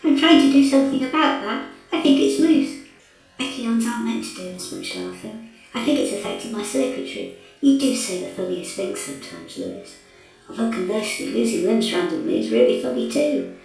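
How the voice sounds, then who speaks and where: A man voicing a giggly, clumsy female robot sweetheart in a falsetto for an audiobook. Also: wildly swooping pitch, a little fast, vocal fry, full character voice. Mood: chirpy. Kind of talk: audiobook character voice. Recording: echoey room, voice from afar, music behind.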